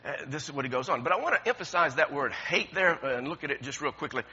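A man preaching a sermon in an animated way, chuckling often and repeating words as he goes. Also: fairly high pitch, fast talker, slightly rough. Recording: dull lo-fi sound.

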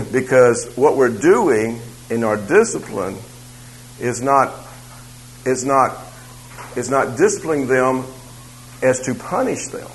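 Man, Bible class teacher, mid-pitched voice, conversational, repeats phrases, faint hum behind. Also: animated, slow pace, pauses often, poor audio.

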